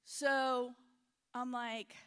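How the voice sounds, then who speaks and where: A middle-aged woman preaching a frank, emotional sermon in a church, swinging between loud and hushed. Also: a little high, little pitch movement, drawn-out words, smooth. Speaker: conference speaker.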